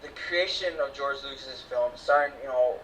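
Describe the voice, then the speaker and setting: A man's voice: medium pitch, moderate pace, a bit bright, far from the mic, a little hiss or hum, low-quality recording. A man hosting a casual movie review podcast, chatty and enthusiastic, often laughing. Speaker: podcast host.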